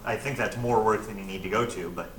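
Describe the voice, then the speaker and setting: A man's voice: on the low side, fast talker, distant mic. Man teaching in an echoey classroom. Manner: conversational, checks in with frequent "right?". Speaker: physics teacher. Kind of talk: classroom lecture, reviewing test problems. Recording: echoey classroom, recorded from afar, noisy.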